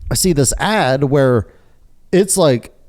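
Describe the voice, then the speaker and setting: A man's voice: medium pitch, animated, takes it slowly, a little mellow. A man co-hosting a podcast, telling stories in casual chat, swearing freely and laughing often. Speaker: podcast co-host.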